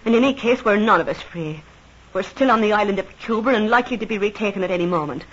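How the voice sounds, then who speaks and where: A woman's voice: mid-range voice, animated, fast talker, husky, lo-fi sound. Kitty, a fierce devoted tavern girl. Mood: defensive. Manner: fierce, jealous, emotional. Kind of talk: old radio drama acting.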